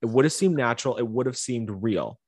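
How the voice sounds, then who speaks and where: A man's voice: medium pitch, brisk, breathy edge, dry recording, studio quality. A man co-hosting a podcast, teasing and arguing in a casual chat over a video call. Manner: teasing, animated, argumentative. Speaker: podcast co-host.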